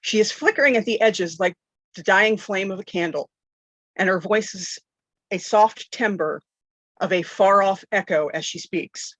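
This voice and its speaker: A woman game master narrating a tabletop game with dramatic storytelling, often clearing her throat and correcting herself. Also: medium pitch, measured pace, fairly bright tone, no echo, dull audio.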